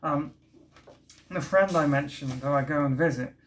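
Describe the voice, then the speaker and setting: Indoors at home, a man hosts a casual vinyl unboxing vlog, chatty and enthusiastic, often trailing off and starting over. His voice sits on the high side at a moderate pace, and faint building work from street works outside can be heard.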